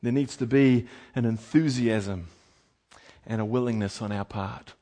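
A man preaching a sermon, animated and emphatic, moving between quiet asides and loud, lively passages. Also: medium pitch, a little slow. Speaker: pastor.

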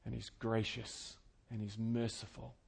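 A man preaching an expository sermon, earnest and conversational, swinging between loud fervent emphasis and quiet intimate tones. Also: fairly low pitch, completely flat delivery, unhurried, vocal fry, husky. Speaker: pastor.

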